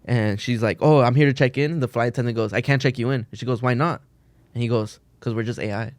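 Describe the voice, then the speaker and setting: Fast-talking young man telling stories. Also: medium pitch, no room sound. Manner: rambling storyteller, slangy, says "bro" often. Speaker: podcast co-host. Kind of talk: casual chat.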